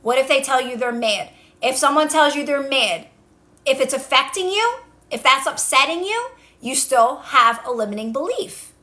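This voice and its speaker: Woman, high voice, livestream coach, repeats calm instructions, phone mic. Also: moderate pace. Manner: coaching, repeats calming instructions, answers viewer comments. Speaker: manifestation coach. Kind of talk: casual TikTok live talk.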